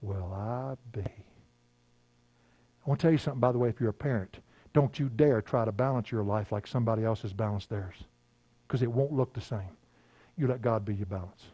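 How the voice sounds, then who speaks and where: An older man, preaching a sermon in a folksy storytelling way, laughing often and dropping to a hush. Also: fairly low pitch, moderate pace, slightly rough, dry recording. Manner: folksy storytelling, laughing, swings from loud to hushed. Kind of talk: sermon with personal stories.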